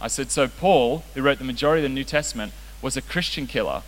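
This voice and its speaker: Speaking at a quick clip in a medium pitch, this young youth pastor keeps his sermon casual and playful, often poking fun at himself. Faint hiss sits under the reverberant sound of a hall.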